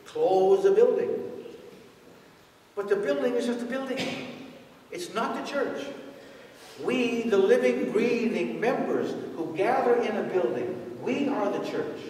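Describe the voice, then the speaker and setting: A man's voice: very high voice, expressive, a little slow, darkish tone. A man preaching a sermon in a conversational way, asking his congregation rhetorical questions. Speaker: priest. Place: large church. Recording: echoey church from far off.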